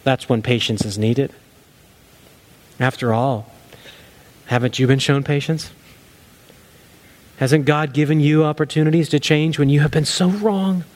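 A man preaching a sermon as a pastor, earnest, rising to emphatic lines and then dropping low and soft. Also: measured pace, pauses often.

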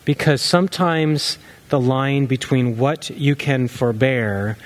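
A man preaching a sermon as a pastor, earnest, rising to emphatic lines and then dropping low and soft. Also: slow pace.

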